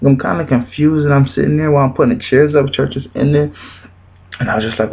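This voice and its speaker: A young man vlogging, telling a personal church story with emotion, animated and repetitive, his voice leaping high when he quotes people. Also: fairly quick, creaky, lo-fi sound. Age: young adult.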